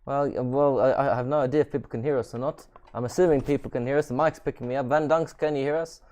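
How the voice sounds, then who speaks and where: A man's voice: mid-range voice, fairly even intonation, fast talker, darkish tone. A man with a South African accent hosting a casual gaming stream, rambling and self-mocking. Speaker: stream host.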